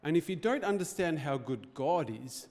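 A man gives a church sermon, talking in a loose, joking way and putting questions to the room. His voice sits a little high for a man. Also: animated, moderate pace, a little mellow. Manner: conversational, joking preaching with rhetorical questions. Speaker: pastor. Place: church hall.

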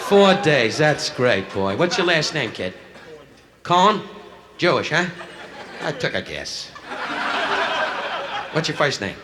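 A man's voice: fairly high pitch, big pitch swings, slow pace, long pauses. A man doing live insult comedy, brashly heckling people in the audience. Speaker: stand-up comedian. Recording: noisy 1960s live club recording. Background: audience laughter.

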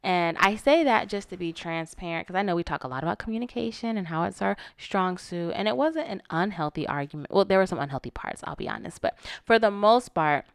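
A woman co-hosting a podcast, telling stories in an animated way and talking straight to her listeners. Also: on the low side, fairly quick, gravelly, few pauses, clean tone, no echo, studio quality. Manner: animated storyteller who talks straight to the audience. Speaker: podcast co-host. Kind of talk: casual chat.

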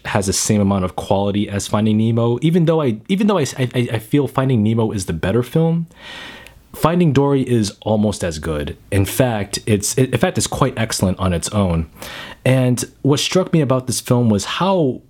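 A man's voice: mid-range voice, a little mellow. A man giving a casual spoken film review, emotional, often stammering and repeating his words.

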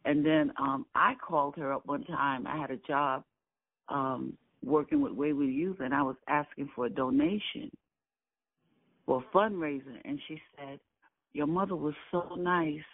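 At a moderate pace and on the high side in pitch, an older man from Brooklyn, New York, recalls his family's history in an interview. He is earnest and emphatic, returning to key phrases, and the recording is dry and tinny like a phone line, with no echo.

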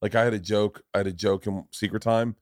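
A man's voice: fast, no echo, clean studio sound. A man in his forties hosting a podcast, chatting casually, swearing freely and acting out quotes in a raised voice. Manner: profane, animated, acts out quotes in high voices. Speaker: podcast host, comedian. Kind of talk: casual chat, storytelling.

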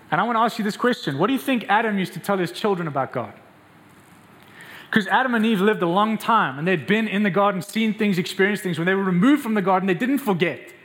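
A man preaching a sermon as a pastor, asking the congregation questions and acting out the lines he quotes. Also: fairly bright tone. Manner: acts out quoted voices with raised pitch, asks the crowd questions.

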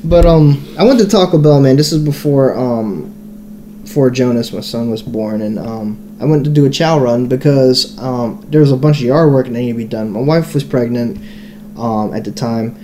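A man's voice: medium pitch, moderate pace, dark tone, a little hiss or hum. A young man co-hosting a podcast, telling a long story in a casual, profane, rambling way full of fillers. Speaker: podcast co-host.

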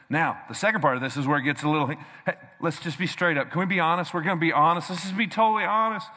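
High, bright-voiced energetic preacher man. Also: fast. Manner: energetic, punchy preaching with call-and-response. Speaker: pastor. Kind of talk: sermon. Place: large church hall. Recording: reverberant church hall.

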